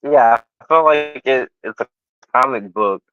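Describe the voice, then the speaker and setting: A man's voice: medium pitch, a little slow, clear, resonant tone, no echo, highs cut off. A man co-hosting a casual podcast chat, hesitant and rambling with many fillers. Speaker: podcast co-host.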